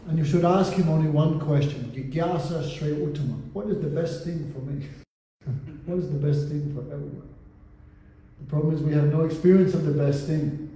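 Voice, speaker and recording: A man's voice: fairly high pitch, moderate pace, dark tone. Guy lecturing at a religious class, chants sanskrit lines then explains, keeps asking the room questions, super echoey room. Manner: recites Sanskrit verses and translates them, asks rhetorical questions. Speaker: spiritual teacher. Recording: very echoey hall with long reverb.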